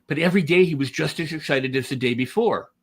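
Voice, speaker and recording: A man's voice: quick pace, slightly rough. A middle-aged man, a guest author and speaker, talking animatedly in a casual podcast and acting out quoted voices. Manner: animated, acts out quoted voices with big pitch swings.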